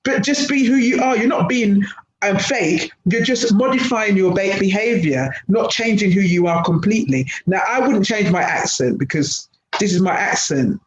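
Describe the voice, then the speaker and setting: A woman's voice: mid-range voice, normal speed, a crowd in the background. A middle-aged woman, a guest speaker on a webinar, talking earnestly and telling anecdotes over a video call. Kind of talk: webinar talk. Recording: roomy, dull video-call audio, faint noise.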